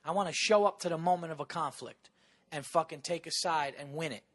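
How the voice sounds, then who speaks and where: A man from New York, a podcast guest in casual chat, talking excitedly with plenty of swearing. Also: on the high side, fairly quick. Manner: excitable, profane, keeps talking over the other man.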